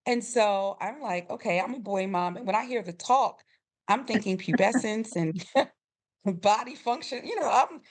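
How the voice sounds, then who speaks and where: A middle-aged woman guest on a podcast, telling a family story with lively quoted voices and frequent laughter. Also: medium pitch, moderate pace. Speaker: podcast guest, grief coach. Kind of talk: storytelling in a conversational interview.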